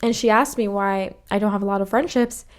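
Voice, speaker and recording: Young woman podcasting solo, candid and a bit breathless, swears a lot, mid-pitched voice. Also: fairly even intonation, brisk. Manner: frank and confessional, swears freely, acts out past conversations. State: slightly out of breath. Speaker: podcast host.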